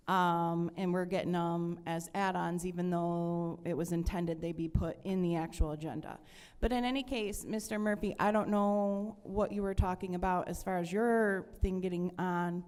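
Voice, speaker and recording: A woman's voice: mid-range voice, in a large hall. A woman council member making a frustrated speech at a meeting, with many fillers. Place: council chamber.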